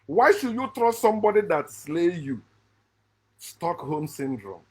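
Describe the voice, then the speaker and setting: A middle-aged man from Africa, hosting a channel, delivering an emphatic spoken commentary that swings from loud, high bursts to low muttered asides and often restarts his sentences. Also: sing-song, measured pace. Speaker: channel host.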